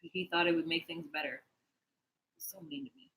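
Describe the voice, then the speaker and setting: A woman co-hosting a casual recap chat, animated and playful, joining in the jokes. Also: fairly low pitch, normal speed, poor audio. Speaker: co-host.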